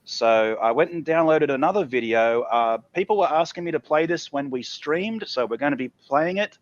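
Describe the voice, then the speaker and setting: A man's voice: fairly high pitch, animated, moderate pace, muffled recording. A man hosting a live call-in stream show, exasperated and profane. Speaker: host.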